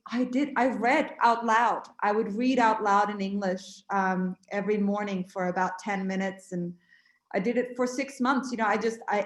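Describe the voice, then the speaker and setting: Female guest, Swedish native, near-American accent, precise and a touch formal, roomy video call. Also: medium pitch. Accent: general American with a slight Swedish trace. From Sweden. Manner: careful, clear pronunciation, slightly formal. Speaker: guest actor. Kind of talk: interview answers. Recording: echoey room over a video call.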